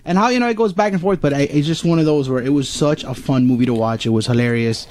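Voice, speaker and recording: A man's voice: on the high side, fast talker, noisy background. A man in a casual podcast chat, telling a nostalgic story loosely with many fillers.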